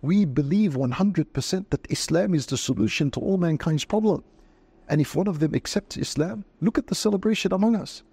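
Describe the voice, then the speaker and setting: A man's voice: a little high, fairly quick, mellow, husky, no echo. A man, a religious scholar, answering interview questions in an earnest, preaching way and quoting scripture.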